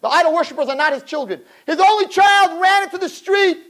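A man giving an impassioned sermon to girls, swinging from low murmurs to high shouts and acting out dialogue. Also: fast, poor audio. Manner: acts out dialogue in character voices. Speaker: religious teacher.

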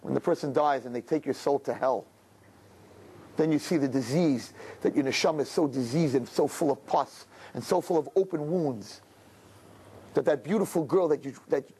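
Male preacher, sermon delivery, impassioned storyteller, slightly high pitch. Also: slightly rough. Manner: impassioned storytelling, builds to shouting.

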